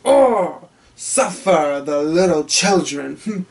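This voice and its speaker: A man's voice: a little high, animated, drawn-out words, gravelly, distant mic, heavily acted. A man putting on a gloating supervillain. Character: menacing taunting male supervillain.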